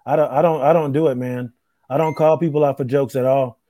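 A man's voice: mid-range voice, steady tone, brisk, mellow, dry recording. Laid-back man, dry close sound. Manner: laid-back, repeats himself, trails off with "man". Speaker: stand-up comic. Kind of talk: casual podcast chat.

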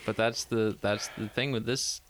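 A man's voice: fairly low pitch, fairly even intonation, normal speed, a bit bright, a little hiss or hum. A man co-hosting a casual podcast chat about a film, talking hesitantly and often trailing off. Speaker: podcast co-host discussing a film.

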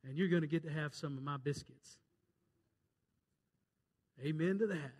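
A male pastor delivers a fervent sermon in a high, bright voice. He quotes scripture and tells jokes, his delivery swinging from loud urgent calls to hushed, pleading lows. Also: normal speed.

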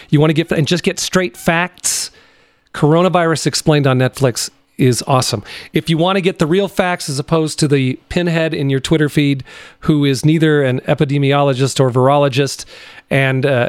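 Male podcast host, fairly high voice, loose rambling delivery, dry close mic. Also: clear, resonant tone, no echo. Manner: rambling, chatty, frequent restarts. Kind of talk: casual comedic podcast monologue.

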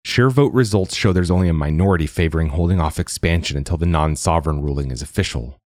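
A man voicing a frightened adult daughter who pleads with her mother, raising his voice higher for her. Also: fast, darkish tone, no room sound, studio quality. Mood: pressing. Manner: pleading, fearful.

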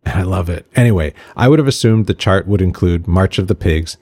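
A man's voice: low voice, brisk, darkish tone. A middle-aged man hosting a podcast, talking through a casual scripted monologue with wry, sarcastic asides. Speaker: podcast host.

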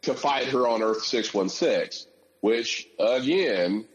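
A man of middle pitch talks casually as a podcast co-host. He lays out his arguments point by point with animated, engaged energy. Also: slow pace, highs cut off, a crowd in the background. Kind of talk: casual chat.

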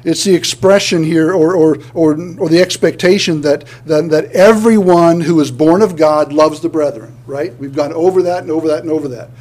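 A man's voice: fairly high pitch, normal speed, hardly any pauses, darkish tone. A male pastor preaching a sermon, earnest, often restarting words and building to emphatic points.

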